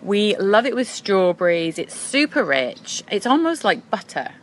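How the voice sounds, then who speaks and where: A woman's voice: medium pitch, sing-song, unhurried, a little hiss or hum. A female reporter interviewing in an enthusiastic, chatty way. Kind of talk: casual interview.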